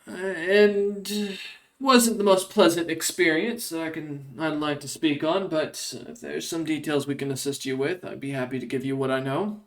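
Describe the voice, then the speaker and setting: A man's voice: steady tone, moderate pace, close to an everyday voice. A man voicing a courteous winged elf adventurer. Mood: polite. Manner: courteous, easygoing, higher than his narration. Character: smooth friendly male winged elf adventurer.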